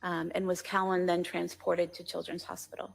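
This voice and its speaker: A woman attorney questioning a witness in court, asking measured, formal questions with hesitant ums. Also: fairly low pitch, completely flat delivery, vocal fry, faint music behind.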